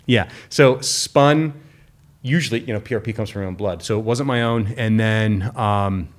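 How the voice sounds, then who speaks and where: A male podcast host chats with a guest in a casual, enthusiastic way and often says "like". His voice sits slightly low. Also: moderate pace. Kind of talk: conversational podcast interview.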